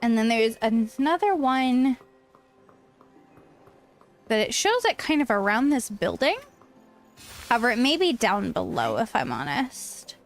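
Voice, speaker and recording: Woman streamer, casual gaming chat, bubbly, tired, fairly high voice, faint music behind. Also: measured pace, pauses often. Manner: bubbly, chatty, answers chat, gushes excitedly.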